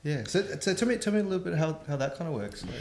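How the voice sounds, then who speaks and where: A man's voice: fairly high pitch, sing-song, very fast, darkish tone, reverberant. A man hosting a casual podcast, easygoing and loose, with many ums and laughing along with his guests. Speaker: podcast host.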